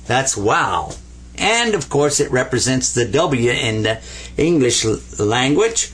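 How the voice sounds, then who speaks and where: A man teaching Arabic letters at a board, patient and playful, repeating each sound slowly for learners. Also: mid-range voice, sing-song, a bit bright, slightly rough. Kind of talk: whiteboard language lesson.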